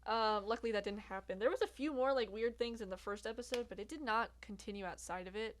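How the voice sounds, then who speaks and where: A woman's voice: fairly high pitch, fast, a little hiss or hum. Chatty young woman, laughing often. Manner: chatty, laughs often, many fillers and asides. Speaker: YouTuber reviewing a TV series. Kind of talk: casual review chat. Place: outdoors in bright sunlight.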